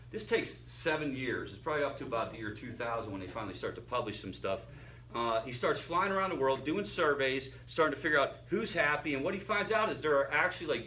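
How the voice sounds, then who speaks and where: A man's voice: mid-range voice, bright, forceful tone, slight background noise. A man leading a family recovery support group, teaching through stories in a conversational way, often asking the group questions and restarting his sentences.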